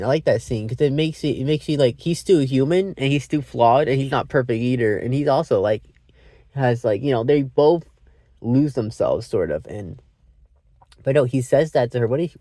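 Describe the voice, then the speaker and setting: A man's voice: mid-range voice, lively intonation, moderate pace, dark tone, dry recording, clean studio sound. Rambling man reviewing a film. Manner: meandering, self-interrupting, swears freely. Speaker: movie reviewer.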